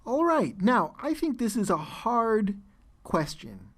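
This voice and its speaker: A man teaching an exam listening lesson, explaining answers in a measured way with frequent fillers and restarts. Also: high-pitched, huge pitch swings. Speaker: test-prep teacher.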